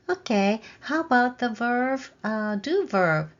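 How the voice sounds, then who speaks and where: Slow, clear woman teaching a language lesson. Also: fairly high pitch, very animated, lo-fi sound. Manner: models example phrases with a rising question tone for learners to repeat.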